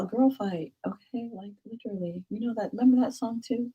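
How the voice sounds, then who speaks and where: A young woman vlogger telling a casual, rambling story to camera, animated and jumping into high excited squeals. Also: a little fast, breathy edge, highs cut off.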